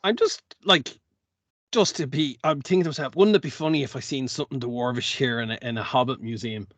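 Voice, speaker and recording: A man's voice: mid-range voice, a little fast, a bit bright. A man playing in a tabletop game, chatting casually and cracking jokes. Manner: jokey, rambling with fillers. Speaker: player.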